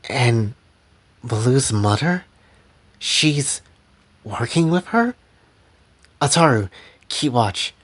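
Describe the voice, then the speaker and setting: A man voicing a wary young fighter who speaks slowly and deliberately. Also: medium pitch, lively intonation. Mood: tense.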